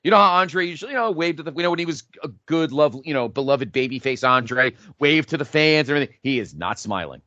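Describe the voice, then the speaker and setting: Excitable man with a bright, dull-sounding voice. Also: on the high side, fast, hardly any pauses, no echo. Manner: animated, profane play-by-play storytelling. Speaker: podcast co-host. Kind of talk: excited casual chat.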